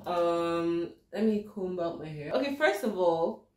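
A woman's voice: lowish voice, lively intonation, unhurried, a little hiss or hum. A young woman from Nigeria chatting casually in a home vlog, with dramatic, panicky exclamations and laughter. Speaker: vlogger. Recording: roomy, distant home recording.

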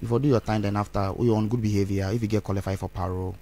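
A man's voice: fairly low pitch, steady tone, racing, warm tone. A man, rambling as an interview guest and mixing Twi phrases into his English. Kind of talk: candid interview talk.

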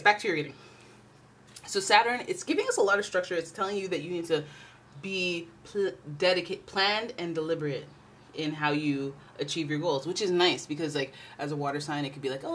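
A woman hosting a casual tarot reading, talking in a chatty, playful way. Her voice sits a little low, and she swings between loud bursts and quiet asides. A faint hiss runs under the recording. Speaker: tarot reader.

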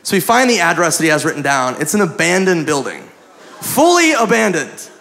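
A man telling a story in a stand-up comedy set, excitable and laughing at his own tale. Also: on the high side, brisk, gravelly. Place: comedy club stage with live audience. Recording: noisy live club recording with crowd laughter.

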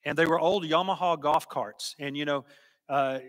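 A man's voice: a little high, normal speed, fairly bright tone. A middle-aged man preaching a sermon in an earnest, emphatic teaching manner, recorded in a church sanctuary. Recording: reverberant church hall.

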